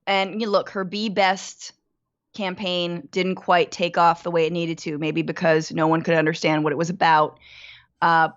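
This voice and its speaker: A woman guest on a political comedy chat, making mocking, deadpan jokes. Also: on the low side, normal speed, lo-fi sound.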